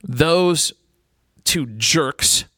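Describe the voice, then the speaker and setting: A male radio host rambles casually and bluntly, dropping crude words and lots of fillers. His voice is bright and a little higher than most men's. It is recorded dry and close in a studio, with faint music underneath. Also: animated, very slow, no room sound.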